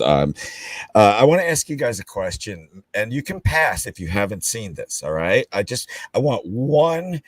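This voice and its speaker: A man's voice: deep voice, very animated, moderate pace, no echo. A man co-hosting a football chat who asks the panel questions and steers the talk.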